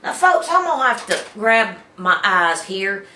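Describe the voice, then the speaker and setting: A middle-aged Southern woman from Alabama hosts her own talk show, folksy and opinionated, her voice bright and sharp. Her pitch swings widely as she talks, with plenty of fillers and restarts. She is recorded in an echoey office room. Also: very animated, unhurried, slight background noise. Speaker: host. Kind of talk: casual talk show monologue.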